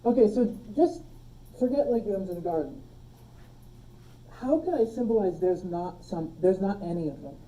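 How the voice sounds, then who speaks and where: A woman teaching a logic class, relaxed, quizzing her students and joking with them, recorded on a phone in a classroom. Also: mid-range voice, moderate pace, long pauses, recorded from a distance, rough recording. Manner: relaxed, asks the class questions and jokes. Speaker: logic instructor. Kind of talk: classroom lecture. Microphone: phone streaming the class.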